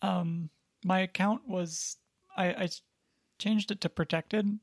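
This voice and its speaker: In this casual chat, a podcast co-host wanders through thoughts slowly, hedging, dropping fillers and small asides with deadpan humor. The voice sits mid-range with a gravelly fry. It's recorded dry and up close, with no sense of a room.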